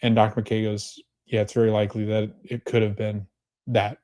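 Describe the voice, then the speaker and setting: Chatty male podcaster recapping a show. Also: normal speed. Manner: chatty, retells scenes in quoted dialogue, pitch jumps when excited. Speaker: podcast host. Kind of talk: casual TV episode recap.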